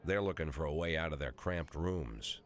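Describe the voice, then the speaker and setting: Cynical old police chief, sixty, very deep voice, dry sardonic game narration. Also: male voice, moderate pace. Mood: wry. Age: 60s. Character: cynical aging male police chief, weary and wry. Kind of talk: video game voice-over narration.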